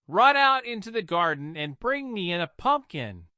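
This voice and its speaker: A brisk old fairy godmother, as a man puts her on in a storybook reading. She speaks in a raised, lively voice that leaps up and down, quick to give orders. The sound is dry and close. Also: sits high, no room sound, voice pushed up, heavily acted. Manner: brisk, commanding.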